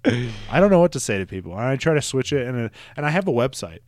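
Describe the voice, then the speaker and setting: A man's voice: mid-range voice, fast talker, no echo. A young adult man from Nebraska, a stand-up comedian telling stories in a casual, profane podcast chat. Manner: profane, animated storytelling. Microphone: close podcast mic.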